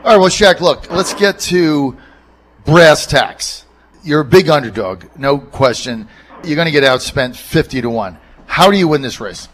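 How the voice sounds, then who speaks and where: A man's voice: fairly high pitch, animated, moderate pace, fairly bright tone. A man hosting a talk radio show who speaks bluntly and spins anecdotes. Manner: blunt, storytelling. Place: radio studio.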